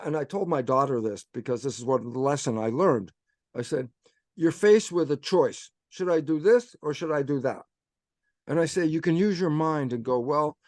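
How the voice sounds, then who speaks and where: A man in a mid-range, slightly mellow voice delivers an explanatory guest talk, recorded at studio quality with no room sound. He narrates it like a story, performing dialogue through "I say" and "I go" and using rhetorical questions for emphasis.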